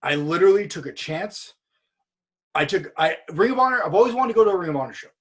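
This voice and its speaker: A man's voice: sits high, expressive, fast, a bit bright. A man from California telling a story in a casual podcast chat, acting out what other people said. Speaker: podcast guest.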